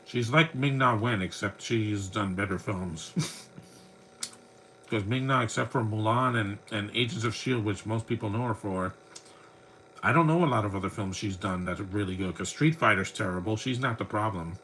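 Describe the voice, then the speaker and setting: Guy around 40 doing a movie watch-along podcast, low-ish voice, rambly and chatty. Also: moderate pace, a bit bright, a little hiss or hum, rough recording. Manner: rambling, chatty fan talk. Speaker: podcast host.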